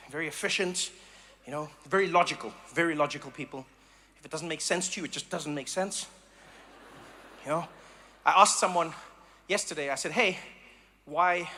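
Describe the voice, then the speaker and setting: A man from South Africa doing animated stand-up comedy, slipping into mock voices. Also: on the high side.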